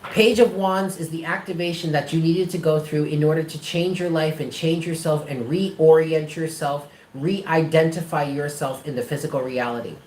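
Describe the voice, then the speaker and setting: A man's voice: on the high side, fairly even intonation, moderate pace, a little mellow. A man reads tarot live, pressing his points hard, swearing freely and calling the sitter by endearments. His voice carries a roomy echo, and there is a faint hiss of noise behind him. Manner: emphatic, blunt, profane, affectionate. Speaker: tarot reader.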